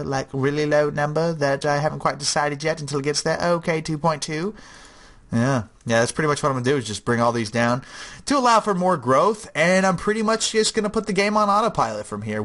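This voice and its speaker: A man's voice: on the high side, expressive, a little fast, a bit bright. A young man giving casual, rambling gameplay commentary, chatty and jokey.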